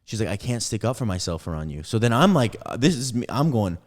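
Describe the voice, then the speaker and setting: A man's voice: on the low side, quick pace. A young man casually telling a rambling story on a podcast, acting out what each person said. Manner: rambling, animated retelling with acted-out quotes.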